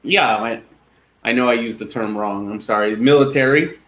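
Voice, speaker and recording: A man's voice: mid-range voice, moderate pace, a bit bright. A man in casual chat, bantering and joking easily with a friend.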